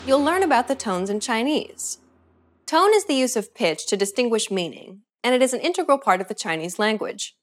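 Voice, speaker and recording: Woman teacher, higher voice, lively pitch, clear measured scripted delivery. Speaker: language teacher. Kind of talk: scripted lesson narration.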